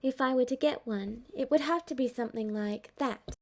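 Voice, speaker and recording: A woman voicing a gentle, playful young woman, speaking brightly in a fan-fiction audiobook. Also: on the high side, normal speed, lightly acted.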